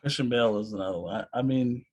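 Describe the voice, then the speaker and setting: A man co-hosting a podcast, relaxed and easygoing, chuckling between remarks. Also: mid-range voice, very fast, breathy edge, highs cut off. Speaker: podcast co-host. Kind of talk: casual chat.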